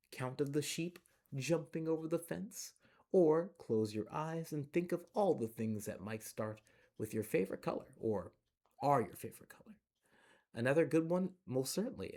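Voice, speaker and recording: A man who is a library storyteller, reading a children's picture book aloud with animated, chatty asides to young listeners. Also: fairly low pitch.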